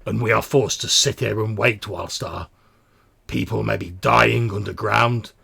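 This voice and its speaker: A man playing a timid mutant, stammering, pleading, raspy and gravelly. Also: lowish voice, steady tone, unhurried, pushed and bright, heavily acted. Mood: uneasy. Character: small fearful male mutant, regretful.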